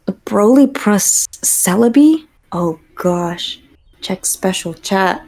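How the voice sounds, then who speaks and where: A woman streamer in a relaxed, unhurried chat with her viewers. She talks in a playful, teasing way and drifts into silly improvised bits between game moments. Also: medium pitch. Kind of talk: casual gaming stream chat.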